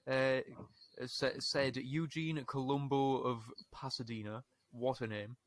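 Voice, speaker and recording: A man's voice: medium pitch, fairly even intonation, takes it slowly, no echo. A British man, a podcast co-host, reading a news story aloud in casual chat, swearing and laughing, acting out the quoted lines.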